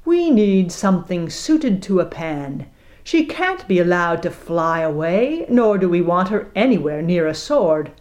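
A woman's voice: lowish voice, very animated, a little slow, darkish tone. A woman voicing a smug, cruel male pirate captain who speaks in a syrupy, gloating way. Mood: scheming.

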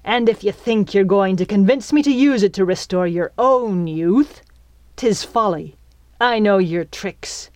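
A greedy young pirate captain with a steel claw, sneering and snarling in old-fashioned pirate talk, loud and pushy. A woman puts him on in a storybook reading. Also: on the low side, sing-song, unhurried, no echo.

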